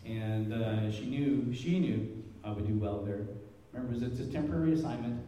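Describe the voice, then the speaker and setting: In an informal church talk, a middle-aged man tells a personal story in a rambling manner, restarting often and using lots of fillers. His voice sits at medium pitch, moderately paced, with background noise, echoing hall sound, and distance from the mic.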